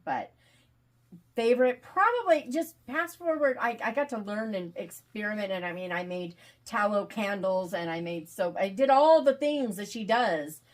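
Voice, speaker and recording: A woman author in a casual interview, talking in an animated, chatty way with plenty of laughter. Her pitch sits in the middle of the range, and she speaks like someone who has a lot to tell. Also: normal speed. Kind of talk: casual video call chat.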